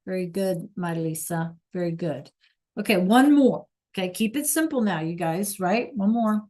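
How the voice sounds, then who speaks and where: A woman's voice: on the low side, animated, moderate pace, darkish tone. A woman teaching a beginner Spanish class, praising students by name and checking that they follow along. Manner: encouraging, repeats praise and checks understanding.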